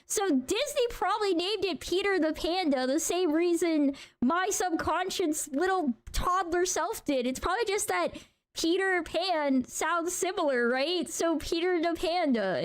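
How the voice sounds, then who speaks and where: A woman streamer giving casual live reaction commentary, excitable and slangy, laughing and exclaiming often. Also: extremely high pitch, unhurried. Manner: slangy, says bro.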